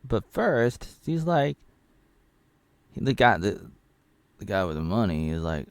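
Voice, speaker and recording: Gravelly low-voiced man rambling a film recap. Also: big pitch swings, slow pace, long pauses, no echo. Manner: rambling, jokey retelling with acted-out quotes. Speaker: film reviewer. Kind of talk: casual spoken film recap.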